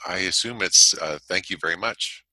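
A man hosting a podcast, joking and laughing with his co-host, then reading scripture aloud in a calm voice. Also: deep voice, moderate pace, no echo, low-quality recording. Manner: jokey, laughs often, then reads calmly. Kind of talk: casual chat and scripture reading.

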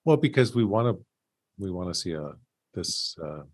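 A man with a husky, fairly low voice reads scripture aloud in a plain, steady way. The recording is dry, with no room sound around him. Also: moderate pace, dry recording, poor audio. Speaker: Bible study co-host and reader. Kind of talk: casual Bible discussion and scripture reading.

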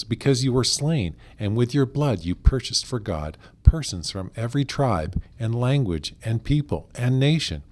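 A man's voice: medium pitch, darkish tone. A cheerful, agreeable man co-hosting a Bible study, reading scripture passages aloud. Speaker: co-host and scripture reader.

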